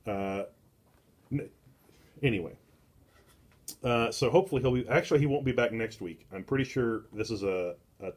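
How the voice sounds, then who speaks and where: A man's voice: mid-range voice, lively intonation, a little mellow. A middle-aged man hosting a casual book club, reviewing comics in a rambling way full of filler words and restarts. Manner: slow and deliberate.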